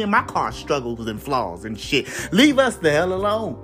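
A man's voice: on the high side, very animated, moderate pace, few pauses, a bit bright. Profane ranting male vlogger, faint music. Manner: profane, exasperated, mock-outraged; repeats a catchphrase between bits. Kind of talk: comedic rant to camera.

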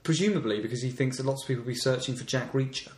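A man's voice: medium pitch, racing, reverberant. A man co-hosting a casual comedy podcast, reading local news stories aloud with a sarcastic, exasperated tone. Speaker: podcast co-host.

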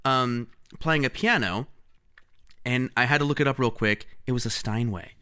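A young podcast co-host chats casually, rambling and using many fillers. He speaks at a moderate pace with a medium-pitched voice that sounds sharp, clear, and resonant.

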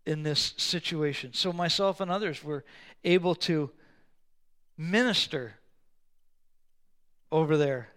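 A man preaching a sermon, telling a story with animated delivery and sometimes raising his voice to a roar for emphasis. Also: high voice. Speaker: pastor.

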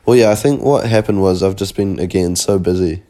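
A man's voice: low-pitched, fairly quick, warm tone. A young man co-hosting a casual podcast while sick and coughing, blunt and laid-back, swearing freely. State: sick, coughing, sore throat. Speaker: podcast co-host.

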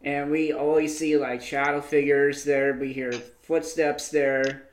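This man hosts a paranormal interview and asks his questions with warm encouragement, pausing on "uh" as he goes. His voice sits somewhat high for a man. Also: little pitch movement, slight background noise. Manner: encouraging, hesitant with "uh" fillers. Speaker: paranormal show host.

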